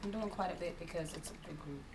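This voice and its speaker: A woman with an African American accent talks a group through a live tea demonstration, chatty and quick to laugh. She sounds a little off-mic, picked up from across the room. Dishes and cutlery clatter behind her. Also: lowish voice. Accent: African American Vernacular English. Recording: distant mic with room noise.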